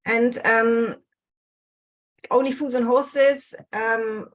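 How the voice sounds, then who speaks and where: A woman's voice: on the high side, fairly even intonation, extremely slow, poor audio. A woman giving an online research talk over a video call, with many fillers and restarts. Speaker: guest researcher. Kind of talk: online presentation. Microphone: computer mic on video call.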